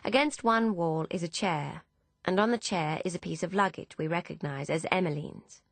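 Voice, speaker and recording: Here a woman audiobook narrator tells a first-person novel evenly and with measure. Recorded up close, her low-pitched voice sounds dry and studio-clean, free of echo or any sense of a room.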